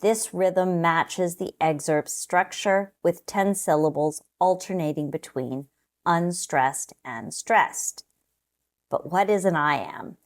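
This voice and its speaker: A test prep teacher works through practice questions in a calm, scripted lesson voice. Her pitch is fairly low, and she speaks slowly and deliberately, carefully explaining each step in a measured way.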